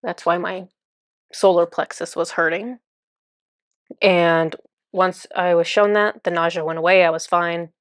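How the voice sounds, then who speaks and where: A woman with a lowish voice recounts her spiritual experience in a loose, chatty way. She says "like" and "um" all the time. Her voice sounds close and dry, with no room around it. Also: fairly even intonation, measured pace, long pauses, no room sound. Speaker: spiritual channeler. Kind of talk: casual first-person storytelling.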